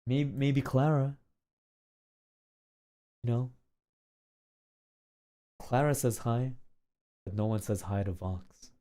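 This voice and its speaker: A man streaming casually, telling a story with animated shouted sound effects and frequent filler check-ins. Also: mid-range voice, takes it slowly, pauses often.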